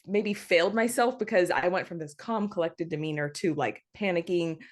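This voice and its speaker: A young woman telling her home birth story in a casual interview, animated, laughing often, with plenty of fillers and restarts. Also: lowish voice, normal speed. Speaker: podcast guest.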